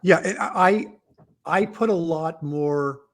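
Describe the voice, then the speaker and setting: Man, author, higher-pitched voice, easygoing, halting, livestream chat. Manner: easygoing, halting, frequent agreeing yeahs. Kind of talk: casual livestream conversation.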